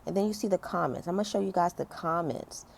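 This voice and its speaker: A commentary vlogger in her thirties goes on a casual opinion rant, chatty and conversational, packed with fillers and emphatic complaints. She talks fast in a lowish, gravelly voice, with a little hiss or hum in the recording.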